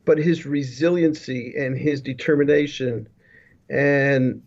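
Taking it slowly, a man with a steady, darkish, medium-pitched voice describes his life as an interview guest on a remote video call. A business leadership consultant, he rambles with frequent restarts and asides, and the audio is dull and lo-fi.

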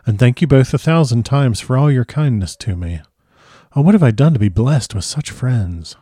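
A man's voice: mid-range voice, lively intonation, moderate pace, mellow, breathy edge, dry recording, clean studio sound. A man voicing a sweet, grateful young woman with a raised, girlish lilt. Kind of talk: audiobook character reading.

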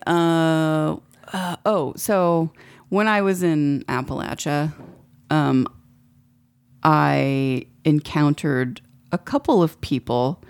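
A woman's voice: low voice, creaky, darkish tone. A woman in casual chat, rambling and swearing freely. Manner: rambling, frequent profanity.

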